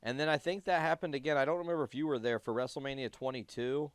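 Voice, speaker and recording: Homem de voz limpa e seca, descontraído. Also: male voice, medium pitch, steady tone, fast, smooth, no echo. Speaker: podcast co-host. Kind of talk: casual chat.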